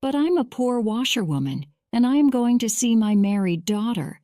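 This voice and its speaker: A woman voicing an excitable, boastful male toad in an audio storybook, pleading in a raised, louder voice. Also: moderate pace, no room sound, studio quality, natural voice. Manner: pleading, self-pitying, higher and louder than the narration.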